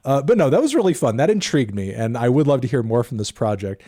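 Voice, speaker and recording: Brief: man, thirties, casual livestream music reviewer, mellow tone, swears a lot, rambles. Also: medium pitch, very animated, fast. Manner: sarcastic, profane, rambling with fillers.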